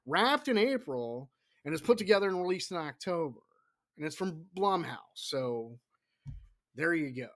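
A middle-aged man hosting a casual solo horror podcast, rambling and profane, dropping into hushed whispers for asides. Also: a little high. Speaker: podcast host.

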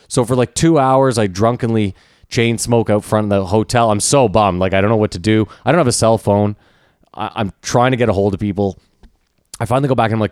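Profane, animated man telling a story. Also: lowish voice, quick pace, clear, resonant tone, no echo, studio quality. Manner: animated, profane, acts out quoted voices. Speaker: podcast co-host. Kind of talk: casual storytelling.

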